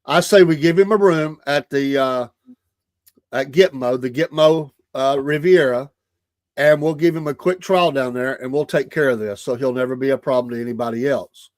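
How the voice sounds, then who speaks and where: A man's voice: medium pitch, moderate pace, dry recording, clean studio sound. A man co-hosting a morning talk show, chatting casually with plenty of hesitations and filler words. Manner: chatty, hesitant with frequent uhs.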